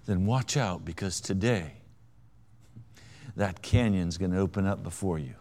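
A man preaching a sermon, with a wry, self-mocking humor and dramatic swings between hushed and loud delivery. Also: low-pitched, unhurried. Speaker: pastor.

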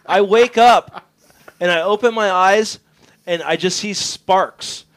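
A man with a high-pitched voice and slow pace spins a lengthy road-trip tale in a radio studio, cursing liberally and animatedly imitating the other people involved.

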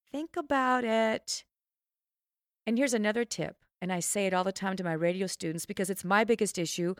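A middle-aged woman talks through a self-help podcast in an emphatic coaching manner. Her voice sits fairly low, but she swoops up high to punch a point. The recording is dry and close, with no room sound. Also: no echo. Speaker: podcast host and trainer.

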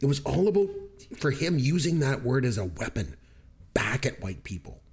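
A man's voice: medium pitch, very animated, normal speed, darkish tone. A man co-hosting a podcast, telling stories in an emphatic, enthusiastic way. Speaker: podcast co-host. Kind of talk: casual podcast chat.

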